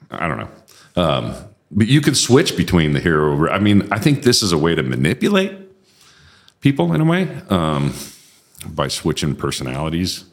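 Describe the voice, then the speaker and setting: A man co-hosting a casual discussion, telling stories about his own experience and giving quoted people animated voices. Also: very deep voice. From military background.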